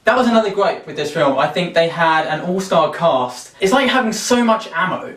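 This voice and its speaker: A man's voice: high-pitched, expressive, normal speed, fairly bright tone. A man hosting a casual film review, opinionated and rambling with restarts. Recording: roomy, mic at a distance.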